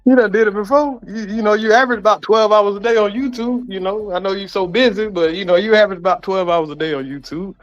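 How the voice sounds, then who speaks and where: A man's voice: high voice, fast, few pauses. Sex: man. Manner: sarcastic. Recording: dull audio, faint music. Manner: mocking, sarcastic, repeats himself. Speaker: online content creator. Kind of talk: heated casual argument.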